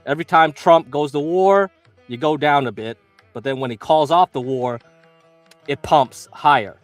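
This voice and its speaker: A man's voice: on the high side, moderate pace, dry recording, faint music behind. A man hosting a livestream about the stock market, talking loosely to his viewers as "you" and acting out how panicked traders feel, swearing now and then. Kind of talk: casual market commentary.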